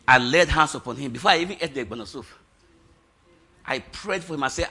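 Fast and with a breathy edge, a middle-aged pastor preaches an animated testimony sermon. He shouts at the sermon's high points and breaks into laughter between lines.

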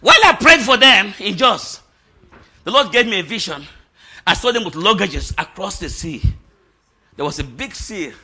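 This middle-aged pastor preaches a lively testimony sermon. His voice sits high for a man, with a very bright, cutting edge and a husky grain. He shouts at the high points and laughs between lines. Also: normal speed, long pauses.

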